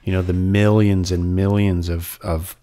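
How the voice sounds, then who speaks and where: A man hosts a casual interview in a low-pitched voice. He builds on his guest's points with thoughtful, measured remarks. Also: flat delivery, mellow. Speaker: host.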